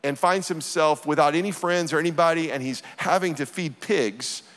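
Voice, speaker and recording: A man's voice: on the high side, moderate pace, fairly bright tone. A middle-aged man preaching a sermon as a pastor, earnest and emphatic. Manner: earnest, emphatic scripture reading. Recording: church hall reverb.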